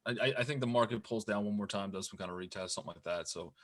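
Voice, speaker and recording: A man, a day trader, talking in an easygoing, halting way and often repeating his words. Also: on the low side. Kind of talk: casual chat.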